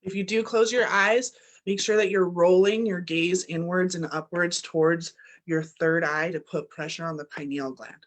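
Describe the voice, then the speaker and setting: Woman coaching an energetic breathwork class. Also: fairly low pitch, normal speed. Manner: energetic coaching with blunt swearing; chants affirmations, pushes louder toward the end. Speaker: breathwork and meditation leader.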